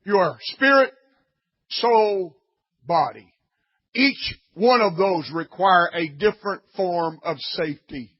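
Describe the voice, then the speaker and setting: Male preacher, blunt and scolding, high husky voice, dull lo-fi recording. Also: expressive, slow. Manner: blunt, scolding, rising to shouts. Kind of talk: sermon.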